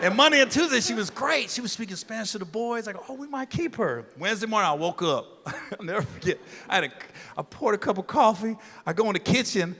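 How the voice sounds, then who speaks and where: A middle-aged man doing a stand-up comedy set, loud and profane, with shouted punchlines. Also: sits high, animated, quick pace. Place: comedy stage before a live audience. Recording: loud crowd and noise of a live club show. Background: audience laughter.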